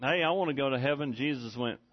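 A man's voice: medium pitch, quick pace. A middle-aged man preaching a sermon in a folksy, storytelling way, often laughing as he talks. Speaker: pastor. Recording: muffled lo-fi recording.

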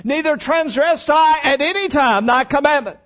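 A man's voice: extremely high pitch, normal speed, fairly bright tone, muffled recording, pitched above the performer's own voice. A man reading the part of a resentful elder brother, reciting old scripture with heated emphasis.

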